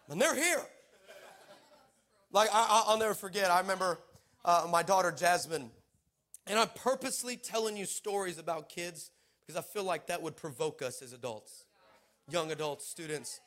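A man preaching a lively sermon at a church service, telling stories with laughter and building to shouted exhortation. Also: high voice, fairly quick. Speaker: pastor. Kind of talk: sermon with storytelling.

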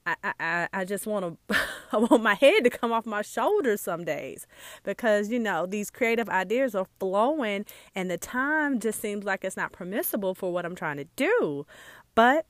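A woman's voice: mid-range voice, expressive, moderate pace, a bit bright, no room sound. Chatty woman podcaster, dry close sound. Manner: chatty, conversational, many asides to listeners; earnest and heartfelt. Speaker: podcast host and jewelry maker. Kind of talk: casual solo podcast talk.

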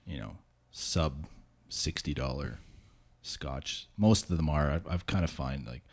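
A man's voice: rumbling low, measured pace, slightly rough. A man, the show's technical producer, chatting casually in a laid-back, modest, hesitant way. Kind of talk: casual chat.

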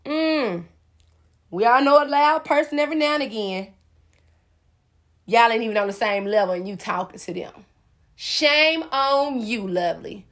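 A woman's voice: on the high side, animated, measured pace, long pauses, a bit bright. A woman hosting a solo podcast, preaching at her listeners with sass and speaking directly to them. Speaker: podcast host.

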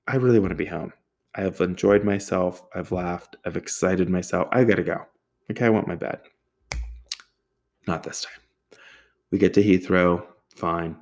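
Young man, deep voice, casual sarcastic storyteller who swears freely. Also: darkish tone. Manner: profane, sarcastic, exasperated.

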